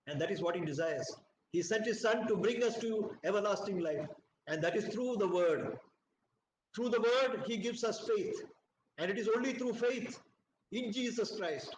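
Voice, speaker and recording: A man from India leading a Bible study, reading scripture aloud and explaining it in an earnest, emphatic preaching manner. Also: sits high. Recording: roomy echo, faint background noise.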